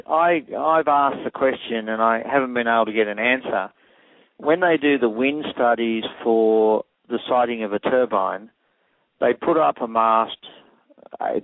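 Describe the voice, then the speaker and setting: A man's voice: medium pitch, no echo. A man, an acoustic engineer explaining technical details methodically in an interview. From Australia. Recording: tinny phone line.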